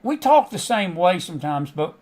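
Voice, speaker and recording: A man's voice: high voice, sing-song, normal speed, darkish tone. A middle-aged man with a Southern American accent, hosting a show and talking in a folksy, chatty way to his audience. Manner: folksy, chatty, frequent laughs and asides. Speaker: host. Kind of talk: casual monologue to a live online audience.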